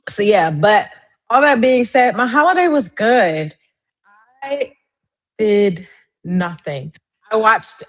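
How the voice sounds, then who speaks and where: A young adult woman hosting a casual live stream, chatting directly to her viewers in a lively way. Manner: lively, swings up high in pitch.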